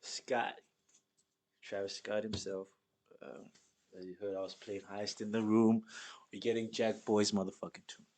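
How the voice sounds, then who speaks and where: A man's voice: lowish voice, little pitch movement, unhurried, pauses often, darkish tone. A young man from South Africa hosting his own show, chatting loosely on his own, swearing freely and reading out lists with asides. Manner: loose, rambling, swears often, reads lists aloud. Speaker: podcast host. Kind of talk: casual solo stream chat.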